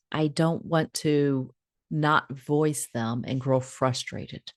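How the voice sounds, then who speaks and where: A woman hosting a casual advice talk, animated, laughing often and acting out little scripts. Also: very deep voice, takes it slowly, dry recording, studio quality. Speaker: host giving relationship advice.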